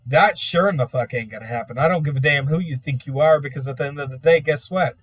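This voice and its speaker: A man's voice: fairly high pitch, fast talker, a bit bright, dry recording. Profane ranting man, off mic. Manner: profane, exasperated, repetitive. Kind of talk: ranting monologue. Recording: dry, distant from mic.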